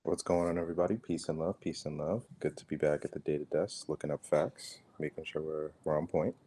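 A man co-hosting a casual football podcast as the stats guy, speaking in a soft, relaxed way. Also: extremely low pitch, fairly quick, husky. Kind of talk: casual sports podcast chat.

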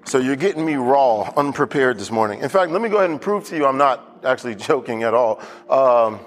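A man's voice: mid-range voice, animated, a little fast, hardly any pauses, soft background music. A male pastor preaching a loose, unscripted sermon, full of restarts, asides and repeated phrases.

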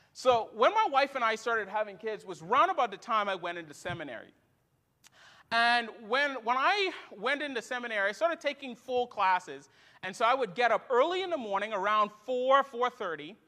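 High, bright-voiced male pastor preaching. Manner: storytelling with lively acted quotes. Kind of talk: sermon.

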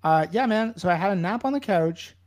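A man in his late thirties co-hosting a podcast, telling a story in a relaxed way and laughing often. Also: high voice, brisk. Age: late 30s. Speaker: podcast co-host. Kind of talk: casual podcast chat.

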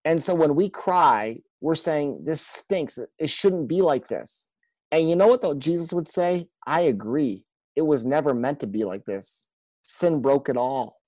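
A man's voice: fairly high pitch, lively intonation, unhurried, darkish tone, no echo, rough recording. A man talking as a pastor in an earnest conversation, often repeating words and acting out what people said. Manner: earnest, repeats words, acts out quoted speech. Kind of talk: conversational podcast talk.

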